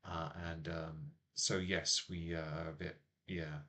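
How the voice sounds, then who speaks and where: A man's voice: very deep voice, flat delivery, slow, sharp tone. A man hosting a casual live stream from a small home office on a laptop microphone. He rambles, uses lots of fillers and teases his co-host. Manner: rambling, filler-heavy, teasing.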